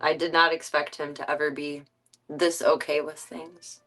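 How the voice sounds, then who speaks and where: A woman streamer in casual chat, talking softly and coaxingly to her pet. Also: low voice, level tone, moderate pace. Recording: distant mic.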